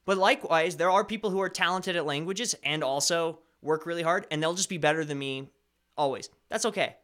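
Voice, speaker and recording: Stream host, man, slight Colorado accent, tense bright tone, rambling casual chat, pitched a bit high. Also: brisk. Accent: slight Colorado American. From Colorado, USA. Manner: rambling, self-correcting, chatty. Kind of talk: casual chat answering viewer chat.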